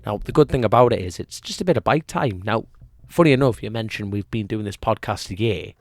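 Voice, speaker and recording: A man's voice: lowish voice, lively intonation, a little fast, no echo. A young man co-hosting a casual podcast chat. He rambles, jokes, loses his thread and laughs often. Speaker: podcast co-host.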